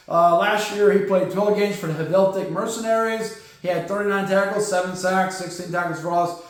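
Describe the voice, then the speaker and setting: A man hosting a football podcast, running through league news in quick bursts with lots of fillers and punchy asides. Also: sits high. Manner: rapid-fire, filler-heavy, punchy asides. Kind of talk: sports news rundown. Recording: very echoey room.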